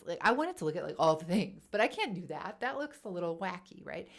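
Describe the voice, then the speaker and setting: A woman casually telling a personal story to camera in a vlog, chatty and animated, acting out quoted thoughts. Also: on the low side, fast talker, few pauses. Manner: chatty, animated, acts out quoted inner voices. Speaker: wellness vlogger.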